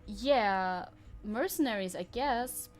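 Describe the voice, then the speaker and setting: A woman's voice: mid-range voice, slow pace, faint music behind. A woman streamer giving casual gameplay commentary, chatty and giggly, thinking aloud. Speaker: VTuber streamer.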